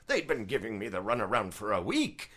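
An actor playing a polite, deferential contractor who holds an honorary title. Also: male voice, on the low side, sing-song, brisk, fairly bright tone. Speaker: actor in a play. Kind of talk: theatrical stage-play acting.

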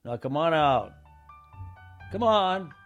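An actor playing a suburban father who loudly coaxes his family in for dinner, with faint music behind him. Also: on the high side, lively intonation, slow, muffled recording. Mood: coaxing. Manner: coaxing, loud calling out.

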